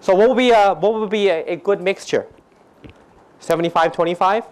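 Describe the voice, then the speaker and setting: The finance lecturer speaks fast, with a high-pitched voice. His class is full of constant questions to students, humor between points, and phrases in Thai.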